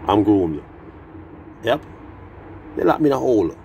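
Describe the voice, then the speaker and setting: A man's voice: fairly low pitch, sing-song, measured pace, vocal fry, mellow, a little hiss or hum. A Jamaican man in his sixties, telling rambling, profane, boastful stories in a casual live-stream chat. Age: 60s.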